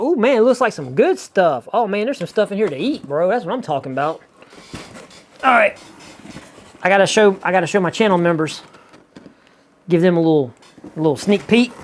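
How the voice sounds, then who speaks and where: A man's voice: sits high, a little hiss or hum. Chatty Southern man unboxing on camera. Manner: chatty, excitable, rambling with frequent asides. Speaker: YouTuber reviewing subscription boxes. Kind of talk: casual unboxing vlog.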